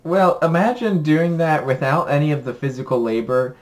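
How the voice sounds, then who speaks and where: A man's voice: fairly high pitch, expressive, moderate pace. Chatty young man rambling upbeat. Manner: rambling, upbeat, lots of ums. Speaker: podcast co-host. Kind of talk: casual chat.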